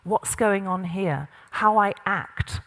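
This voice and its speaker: A woman's voice: mid-range voice, takes it slowly, fairly bright tone. A middle-aged woman leading an interactive workshop, giving directions and demonstrating exercises to a group in a large room. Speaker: voice and presence coach. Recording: long reverb of a large hall.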